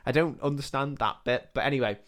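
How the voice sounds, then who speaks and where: A man's voice: mid-range voice, quick pace, fairly bright tone. Guy chatting on a podcast, easygoing, keeps laughing. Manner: chatty, retelling a film with acted quotes, laughs often. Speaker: podcast co-host. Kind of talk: casual chat.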